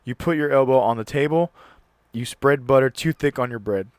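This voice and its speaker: A clear, resonant mid-range voice belongs to a male host speaking at normal speed into a dry close mic, with no echo. He moves between casual solo talk and an earnest read-aloud, occasionally stumbling and restarting words.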